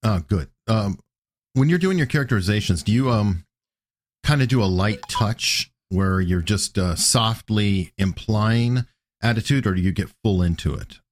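A man interviewing a guest, asking relaxed questions and adding short listening noises. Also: fairly low pitch, normal speed.

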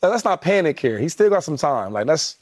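A man on a sports panel who talks fast in a husky, high and lively voice. He stammers and restarts as he teases. A faint music bed plays behind him. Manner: excitable, stammering restarts, teasing. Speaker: sports talk show panelist.

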